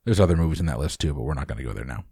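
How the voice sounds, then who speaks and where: A man's voice: very deep voice, very fast, slightly rough, dry recording, clean studio sound. A man on a podcast panel, rambling and restarting as he argues for a movie pick. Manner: rambling, animated, self-interrupting. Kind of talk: casual chat.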